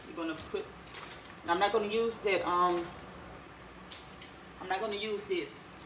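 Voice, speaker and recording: A woman's voice: mid-range voice, fairly even intonation, measured pace, fairly bright tone. A woman making a casual cooking vlog in her home kitchen, chatty and rambling, stumbling over her words as she goes. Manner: chatty, rambling, stutters and restarts. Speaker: home cook vlogger. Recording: home recording with clear kitchen noise. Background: clinking pots, pans and cutlery.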